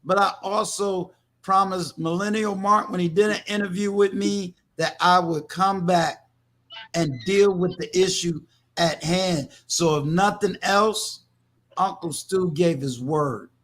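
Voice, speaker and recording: Unhurried and a bit bright, this older man's voice sits high. He's a New Yorker hosting a casual livestream, preaching emphatically to his viewers and repeating words frequently.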